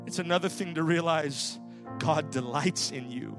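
A man with a high, ringing preaching voice delivers a sermon in a church sanctuary. His delivery is rhythmic, swelling loud and then dropping to a hush, while keyboard music plays underneath. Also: normal speed. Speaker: pastor.

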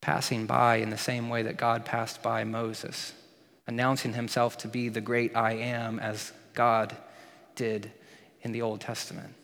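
Joking preacher in a reverberant hall. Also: male voice, mid-range voice, level tone, unhurried, creaky, a bit bright. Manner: jokey, playful asides. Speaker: pastor. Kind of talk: sermon.

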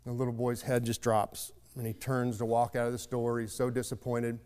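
A man's voice: mid-range voice, level tone, a little fast, darkish tone, smooth, long reverb tail. A man giving a sermon, telling a folksy story in a reflective, conversational way. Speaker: preacher.

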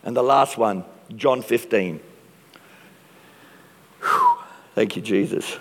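A man preaching a sermon with passion and dramatic pauses, his voice strained from use. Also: fairly low pitch. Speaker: pastor. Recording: long reverb of a large hall.

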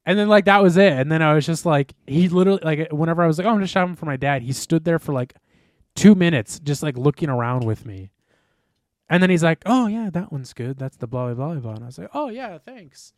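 A man's voice: on the high side, lively intonation, fast talker, dry recording, clean studio sound. A young man co-hosting a podcast, telling a casual, rambling story full of "like" and swearing. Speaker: podcast co-host.

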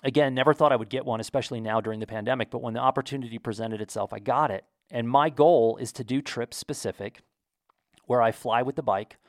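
A man's voice: medium pitch, fast talker, dry recording, studio quality. An American man telling an enthusiastic, chatty story to his viewers in a casual vlog. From United States. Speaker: vlogger. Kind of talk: casual talk to camera.

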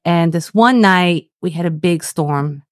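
Woman from Brazil, native Portuguese speaker, lowish voice, lively storyteller, dry close sound. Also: a little slow, no room sound. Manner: animated storyteller who laughs easily. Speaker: Portuguese school director. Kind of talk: casual interview storytelling.

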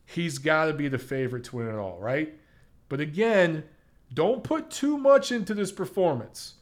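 A young man giving blunt, opinionated commentary on boxing, casual and swearing freely. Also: medium pitch.

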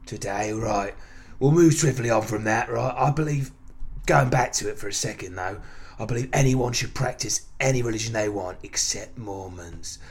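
Deadpan gravelly host. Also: male voice, lowish voice, normal speed. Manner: deadpan, awkwardly tactless. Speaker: radio phone-in host, ex-pro footballer. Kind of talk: comic phone-in sketch.

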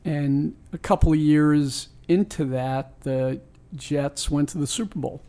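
A sports team owner from New York, a man in his sixties, tells a personal story during an interview in a fairly high, mellow voice at a measured pace. He's reflective and earnest, frequently restarting his sentences.

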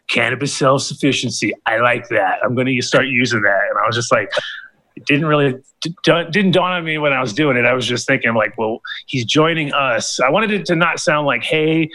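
Bright, forceful man rambling casually. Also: mid-range voice, rough recording. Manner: rambling, profane, full of fillers and restarts. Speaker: podcast host. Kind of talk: casual chat.

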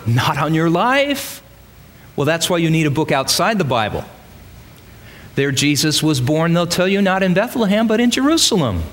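Animated preacher man in an echoing hall. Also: sits high. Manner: emphatic, with rhetorical questions to the congregation. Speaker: pastor. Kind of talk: sermon. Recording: long reverb of a large hall.

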